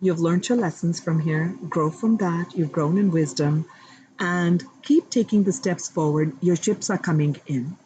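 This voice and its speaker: A woman giving a live tarot reading, speaking warmly and directly to her viewers with affirming spiritual encouragement. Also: on the low side, a little slow, slight background noise, poor audio. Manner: chatty, addresses viewers directly. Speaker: tarot card reader.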